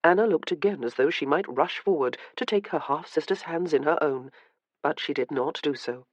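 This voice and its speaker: A woman narrating a historical romance audiobook with measured, even scripted narration. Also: deep voice, no room sound.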